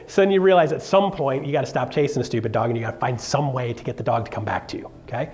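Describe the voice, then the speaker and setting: A middle-aged man telling a jokey, animated story to a live audience as a real estate speaker, acting out voices as he goes. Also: mid-range voice, racing.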